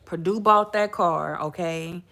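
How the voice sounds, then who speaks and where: Bright-voiced chatty woman. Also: fairly low pitch, a little slow. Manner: chatty, laughing, addresses listeners as y'all. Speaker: podcast host. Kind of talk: casual storytelling to viewers.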